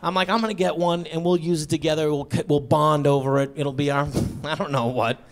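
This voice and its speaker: High-voiced man telling a stand-up story. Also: steady tone, a little fast. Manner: conversational storytelling with awkward, sheepish asides and bursts of exasperation. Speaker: stand-up comedian. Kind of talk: stand-up comedy set. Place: comedy stage before a live audience.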